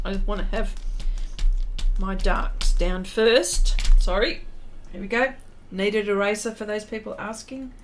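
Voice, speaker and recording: Slow-talking Australian woman. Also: medium pitch. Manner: chatty, laughs often, many fillers. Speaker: art livestream host. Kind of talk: casual chat reading viewer comments while drawing.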